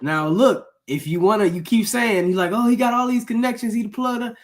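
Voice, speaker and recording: A man with a high voice chats on a reaction video. He makes his points emphatically in casual slang and agrees loudly. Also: brisk.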